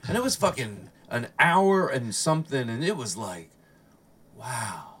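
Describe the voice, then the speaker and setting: A man's voice: medium pitch, a little slow, slightly rough, recorded from a distance. A man hosting a comedy podcast, telling stories in a casual chat, acting out quotes and swearing freely. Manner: animated storyteller who acts out quotes, swears often.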